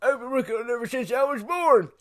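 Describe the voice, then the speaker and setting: A man's voice: extremely high pitch, expressive, fast, fairly bright tone. A man playing a silly old man who co-hosts a podcast, arguing playfully and firing off goofy retorts in an improvised comedy sketch. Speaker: podcast co-host.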